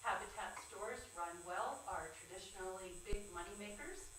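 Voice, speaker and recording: A woman from a nonprofit giving a halting, informal update at a city council meeting. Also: mid-range voice, fairly bright tone, a little hiss or hum. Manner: informal, halting with many fillers. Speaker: nonprofit representative. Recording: far-off echoey council chamber.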